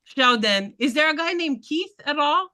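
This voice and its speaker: Woman candidate, punchy bright voice, blunt and fired up at a town meeting. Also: sits high, lively intonation, moderate pace. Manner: passionate, blunt, laughing asides. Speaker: political candidate. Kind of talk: community meeting talk.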